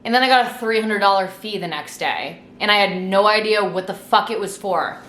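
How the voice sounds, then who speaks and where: A young woman in her twenties telling a storytime vlog in a chatty, sweary, animated way, a little tipsy from wine. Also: medium pitch, brisk, reverberant. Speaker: vlogger. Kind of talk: casual storytime monologue.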